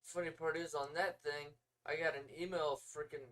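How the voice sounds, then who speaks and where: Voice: mid-range voice, steady tone, normal speed, a bit bright, far from the mic, low-quality recording. A podcast co-host chatting loosely and easily, with filler words and restarts. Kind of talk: casual podcast chat.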